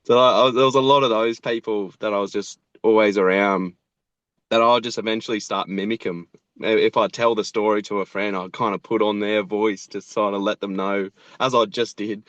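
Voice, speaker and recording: An Australian man in his thirties, laid-back and rambling, who swears freely in casual chat. His voice is fairly low and sits dry and close, with a dull, lo-fi tone. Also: fairly even intonation, moderate pace, dry recording. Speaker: animator and show creator, guest.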